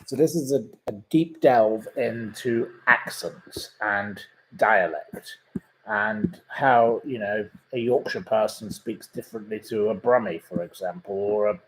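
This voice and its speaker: A man's voice: lowish voice, a little slow, fairly bright tone, a little hiss or hum, rough recording. Chatty man rambling with lots of ums. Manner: rambling, many ums, gossipy asides. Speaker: podcast host. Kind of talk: casual chat.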